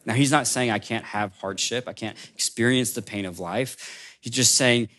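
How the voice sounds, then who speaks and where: A man preaching a sermon as a pastor, in a conversational storytelling way that drops soft for emphasis. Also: medium pitch.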